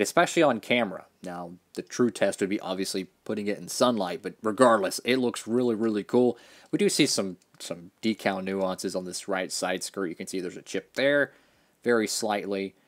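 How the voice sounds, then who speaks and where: Opinionated man reviewing model cars. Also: fairly low pitch. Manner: opinionated, rambling, with fillers and restarts. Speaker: diecast reviewer. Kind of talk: casual product review. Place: home studio.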